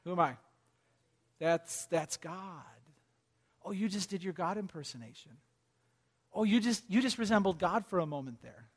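A man preaching to his congregation in a high, light voice. He moves from loud, urgent appeals down to hushed, near-whispered lines, and he keeps asking his listeners question after question. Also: expressive, moderate pace, pauses often, breathy edge. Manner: asks the congregation repeated questions. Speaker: pastor. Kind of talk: sermon.

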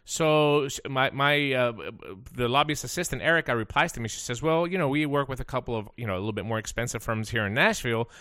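A man hosting a radio show, telling stories in a fired-up, profane, animated way. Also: medium pitch, quick pace, few pauses, no echo, clean studio sound. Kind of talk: casual ranting talk.

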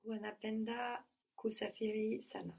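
A woman's voice: on the high side, level tone, normal speed, a little mellow, slightly rough. A woman as a language student, answering drills with short, hesitant replies.

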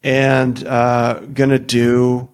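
A man co-hosting a podcast in casual chat, playful and quick to slip into silly character voices. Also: medium pitch, completely flat delivery, clear, resonant tone. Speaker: podcast co-host and character comedian.

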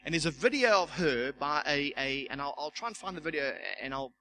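A man's voice: a little high, expressive, brisk, bright, forceful tone, slight background noise, low-quality recording. A man, a church elder, preaching a sermon and telling a personal testimony, acting out the voices in his story and repeating words as he goes. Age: young adult.

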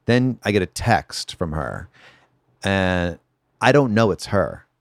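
A man's voice: sits low, big pitch swings, slow pace, vocal fry, no room sound, clean studio sound. A man who is a comedian guest on a podcast, chatting in an easygoing, self-deprecating way. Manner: easygoing, self-deprecating, many short agreements. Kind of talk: casual chat. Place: home podcast studio.

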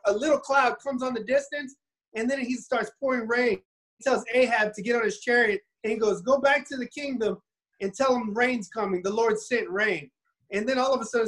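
A man casually retelling a Bible story in an animated, rambling way, often restarting his sentences. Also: high-pitched, low-quality recording.

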